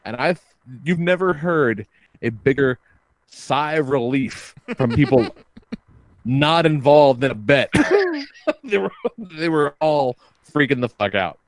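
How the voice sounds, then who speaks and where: Podcast host, male, mid-pitched, swears and laughs through his stories, dry close sound. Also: expressive, slow pace, long pauses, no echo. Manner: profane, storytelling, laughs often. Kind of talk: casual chat.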